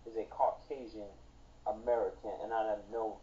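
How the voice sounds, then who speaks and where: A man chatting as a podcast guest, with swagger and street slang. His voice is mellow and dark. The audio is dull and lo-fi, like a call. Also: lowish voice, level tone, normal speed, slight background noise. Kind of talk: casual podcast chat.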